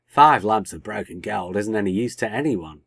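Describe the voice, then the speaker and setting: A man's voice: on the low side, lively intonation, moderate pace, gravelly, a bit bright, breathy edge, no echo, clean studio sound, exaggerated voice. A man voicing Tegan, a blunt, unsentimental young woman in a read-aloud story.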